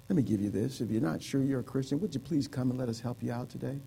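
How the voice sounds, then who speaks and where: A man's voice: mid-range voice, quick pace, creaky, mellow. A man preaching a sermon in a church, pleading with the congregation in a repetitive preaching cadence and leading an altar call. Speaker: pastor. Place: church sanctuary.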